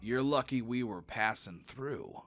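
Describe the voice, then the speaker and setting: A man's voice: mid-range voice, expressive, unhurried, a bit bright, pitched above the performer's own voice. A man voicing a confident male elf traveler with a teasing, breezy manner.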